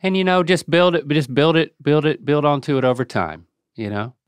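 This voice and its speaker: A man with a smooth, resonant mid-range voice co-hosts a casual chat. He explains things in an animated way, with playful sound effects thrown in. The recording is close and dry. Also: on the high side, a little fast, no room sound. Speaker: podcast co-host.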